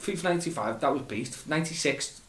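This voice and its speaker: A man's voice: on the high side, expressive, quick pace, a bit bright. A man with a Liverpool accent, co-hosting a podcast in casual chat and telling rambling anecdotes. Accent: Scouse. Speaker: podcast co-host. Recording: echoey room with faint noise.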